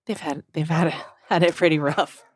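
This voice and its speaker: A woman's voice: sits low, fairly even intonation, a little fast, dry recording, studio quality. A woman co-hosting a podcast, listening supportively in casual chat and answering in short agreements. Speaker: podcast co-host. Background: dogs barking at home.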